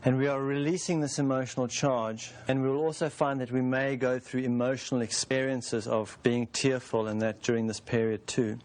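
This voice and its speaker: A man in his forties leads a teaching session in an unhurried, explanatory way. His voice sits at an ordinary middle pitch, and he builds his points through everyday metaphors. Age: 40s. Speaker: teacher of a self-help process. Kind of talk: calm spoken teaching session.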